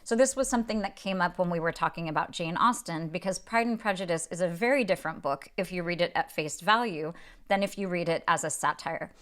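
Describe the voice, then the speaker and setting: A woman's voice: on the low side, brisk, a bit bright. Thoughtful woman hosting a book talk. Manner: thoughtful, explanatory, with frequent restarts and fillers. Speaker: book podcast host. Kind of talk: casual literary talk with read-aloud passages.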